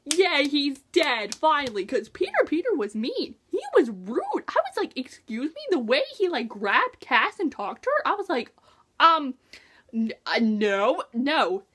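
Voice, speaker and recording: A young woman vlogging a casual book review, gushing and excitable, full of "like" and "oh my gosh". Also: high voice, measured pace, husky.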